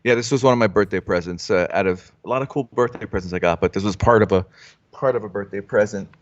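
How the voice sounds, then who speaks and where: A man's voice: lowish voice, quick pace, muffled recording. A man hosting a casual live trading stream, joking and rambling with frequent restarts. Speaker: stock trading livestream host. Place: Florida home trading room.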